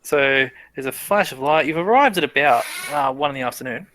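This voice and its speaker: A young man running a tabletop game as game master, chatty and relaxed, often saying "yep" and "cool.". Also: mid-range voice, fairly quick, background noise.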